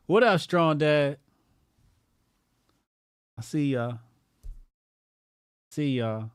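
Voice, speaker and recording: A man's voice: fairly high pitch, no echo, clean studio sound. A man from New Jersey hosting his own show, talking loosely with slang and laughing often. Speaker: host. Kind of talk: casual live-stream talk.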